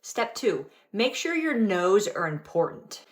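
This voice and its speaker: A woman's voice: medium pitch, very animated, takes it slowly. A young adult woman, a mother, giving direct and practical cooking and parenting tips to camera.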